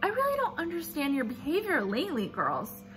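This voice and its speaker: A stern male teacher speaks in a flat, measured way, correcting the children with firm patience, as a woman reads him aloud. He is a character in a children's storybook read-aloud, and his words stay even and controlled. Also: sits high, soft background music, pitched above the performer's own voice, heavily acted.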